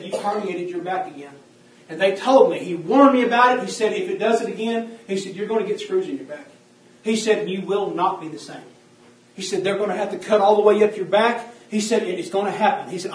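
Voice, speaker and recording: A man's voice: high voice, fairly quick. A man preaching a fervent, repetitive sermon, calling out to the congregation. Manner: fervent, repetitive, calls out "saints of God". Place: church. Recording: roomy church from a distance.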